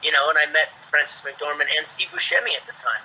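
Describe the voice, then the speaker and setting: A man in his forties, an actor guest, telling chatty, lively anecdotes in a casual way. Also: on the high side, fast talker. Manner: lively, chatty, acts out quotes. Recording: dull lo-fi sound.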